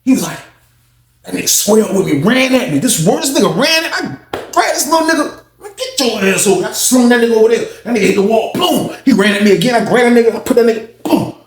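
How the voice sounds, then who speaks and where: A man telling a story in a casual, animated, slangy monologue, full of profanity. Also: extremely high pitch, quick pace, a crowd in the background. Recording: echoey room with faint noise.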